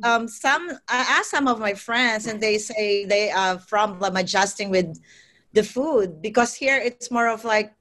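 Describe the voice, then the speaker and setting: A woman's voice: mid-range voice, a little slow, a bit bright. A woman from the Philippines, a nurse, answering interview questions in a chatty way and laughing often.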